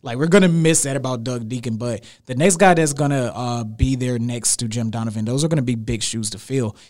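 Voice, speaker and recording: A young man talks sports as a podcast guest in a studio. His voice sits at an ordinary, mid-range pitch. He speaks emphatically and animatedly, leaning on repetition to drive his points home. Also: brisk. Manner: emphatic, animated, repeats phrases for weight. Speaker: podcast guest, radio show host. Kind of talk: casual sports chat.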